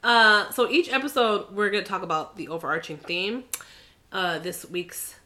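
A woman's voice: mid-range voice, moderate pace, sharp tone. A woman co-hosting a podcast, chatting casually and joking animatedly, swearing freely. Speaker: podcast co-host. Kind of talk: casual chat.

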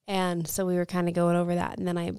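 A woman's voice: lowish voice, completely flat delivery, fast talker, a little mellow, clean tone, no echo, studio quality. A woman in her thirties co-hosting a faith podcast, telling a story earnestly and with emotion. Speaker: podcast co-host.

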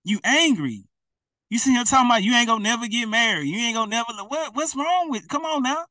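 Preacher, male, direct and repetitive, bright tone, sits back from the mic. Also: very high-pitched, lively intonation, quick pace, no room sound, distant mic. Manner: colloquial, repetitive, direct address. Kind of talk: informal preaching to camera.

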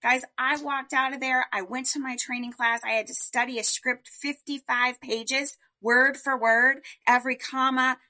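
Chatty woman guest, bright voice, rambles a story with lots of likes and i'm-likes. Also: high voice, normal speed, few pauses. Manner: animated, chatty storyteller with many fillers. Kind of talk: storytelling in a podcast interview.

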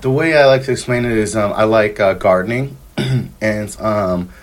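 With a lowish voice at normal speed, this thirty-something man chats casually as a podcast guest about his travels. His storytelling rambles, leans heavily on fillers like um and like, and includes acted-out dialogue.

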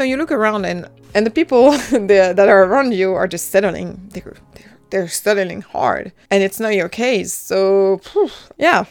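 A woman's voice: mid-range voice, vocal fry. A woman in her thirties with a French accent, hosting her own podcast in a chatty, self-deprecating way and laughing often. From France. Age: 30s. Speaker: podcast host. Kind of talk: casual solo podcast monologue.

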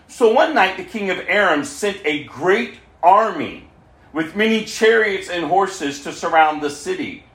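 A man's voice: a little high, fairly bright tone. A man preaching a sermon, reading scripture aloud and breaking off with asides to the listeners. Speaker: pastor. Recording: roomy echo.

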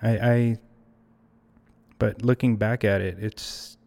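A man's voice: fairly low pitch, fairly even intonation, slow pace, gravelly, a little mellow. A young man talking as a podcast guest, reflective and hesitant, often restarting his sentences. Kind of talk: casual conversational interview.

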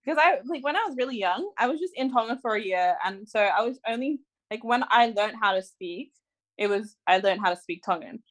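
Chatty young Australian woman, higher voice. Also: expressive, fairly quick. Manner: chatty, rambling with many likes. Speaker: podcast co-host. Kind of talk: casual chat.

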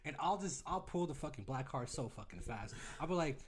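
Lively, joking podcast co-host man. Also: a little high, a little fast, hardly any pauses. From California. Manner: animated, profane, joking. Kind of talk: casual podcast chat.

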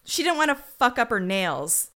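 Young woman podcast co-host, crisp bright tone, deadpan and profane. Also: on the high side, moderate pace. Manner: dry, profane, acts out characters' lines. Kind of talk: casual recap chat.

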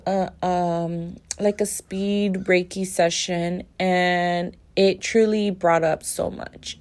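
A woman's voice: mid-range voice, dark tone. A woman speaking on a podcast in a heartfelt spiritual monologue, earnest and emotional, with many "like" fillers and a few Spanish phrases.

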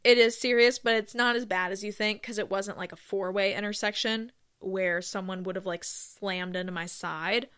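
A woman hosting her own podcast, rambling through casual stories with self-deprecating asides and bursts of excitement. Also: medium pitch, moderate pace, few pauses, smooth. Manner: gushes with excitement. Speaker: podcast host. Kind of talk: casual solo podcast chat.

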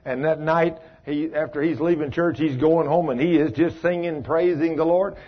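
A man's voice: a little high, steady tone, moderate pace. A man teaching an informal Bible study, folksy, asking listeners questions and calling them by name. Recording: dull lo-fi recording.

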